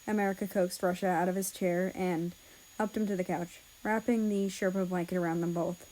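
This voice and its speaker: A woman narrating a story aloud in a soft, even manner. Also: lowish voice, brisk, rough recording. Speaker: story reader.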